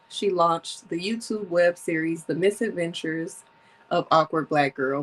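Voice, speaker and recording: On her solo podcast, the thirty-something host speaks in a low-pitched voice, chatting casually and reading notes despite an allergy-induced runny nose. The recording quality is low.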